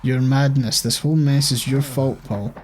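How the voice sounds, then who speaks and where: A Scottish man reading game dialogue aloud as a bitter, scheming old woman who scolds her husband, sharp and exasperated. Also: mid-range voice, steady tone, moderate pace, a little hiss or hum, close to an everyday voice. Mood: angry, defensive.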